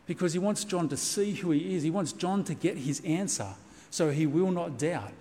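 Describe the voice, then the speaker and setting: A man's voice: a little high, animated, normal speed, dark tone. Earnest man preaching in a reverberant hall. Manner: earnest, reassuring preaching with emphatic repetition. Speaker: pastor. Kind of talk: sermon. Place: church.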